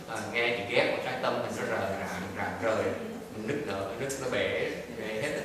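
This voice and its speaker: Animated Buddhist teacher in an echoey hall. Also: male voice, on the low side, fast, few pauses, crowd noise. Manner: animated, switches between English and Vietnamese, repeats words. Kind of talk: dharma talk. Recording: echoey hall, recorded from far off, noisy.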